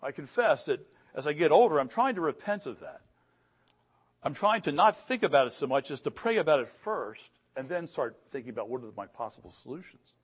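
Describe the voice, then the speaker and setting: A man's voice: a little high, animated, brisk, breathy edge. Earnest middle-aged man preaching a sermon. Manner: earnest preaching, rising emphatically on key phrases; repeats and restarts words. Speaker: pastor.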